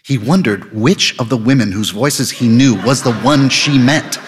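A man reading an audiobook novel aloud in scripted narration, with a lively, dry delivery. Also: mid-range voice, measured pace, big-room sound.

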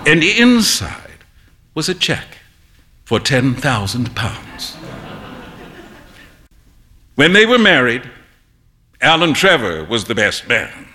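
Male stage reader, expressive; bright, animated pitch. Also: takes it slowly, long pauses. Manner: expressive, varied. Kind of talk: live dramatic reading.

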